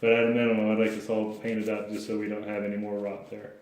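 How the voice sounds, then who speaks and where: Male home inspector, low and even delivery, practical and plain-spoken, echoey room sound. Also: quick pace. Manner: plain, practical, with frequent restarts. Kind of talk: explaining inspection findings to a client.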